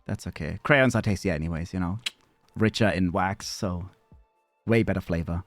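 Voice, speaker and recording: A man chatting casually on a live stream, rambling and swearing, with sudden squeaky high bits. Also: normal speed, dry recording, faint music behind.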